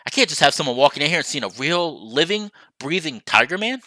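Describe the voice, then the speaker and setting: Young man, streamer, reading a visual novel, playful and chatty, bright voice, dry close sound. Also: fairly high pitch, very animated, quick pace, dry recording. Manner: playful, chatty, laughs and apologizes to viewers.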